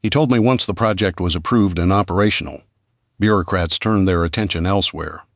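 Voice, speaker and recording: A man's voice: low-pitched, brisk, no echo. A man voicing a sarcastic, grumbling young woman scientist in an audiobook, with a dry manner. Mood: indignant. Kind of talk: audiobook character voice.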